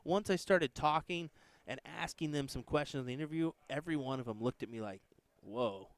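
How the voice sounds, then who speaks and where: A man's voice: on the high side, a little fast, dry recording. A man with an American accent hosting casual live-stream darts commentary, chatting with viewers between matches. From United States.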